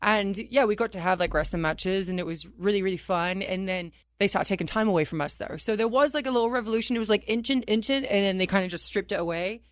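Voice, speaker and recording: A woman's voice: mid-range voice, fast, few pauses, no echo, clean studio sound. A woman guest on a radio talk show, animatedly telling stories from her career, laughing often and acting out quotes. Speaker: wrestler guest. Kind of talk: casual radio interview storytelling.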